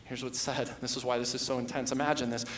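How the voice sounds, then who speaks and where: A man preaching a sermon as pastor, moving from hushed storytelling to loud, impassioned emphasis. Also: medium pitch, little pitch movement, fast talker, echoey room, slight background noise. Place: church sanctuary.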